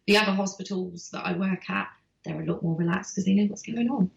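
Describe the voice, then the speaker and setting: A woman host chatting casually and telling a personal story in a candid, animated way. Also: mid-range voice, a little fast, vocal fry, highs cut off. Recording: roomy echo.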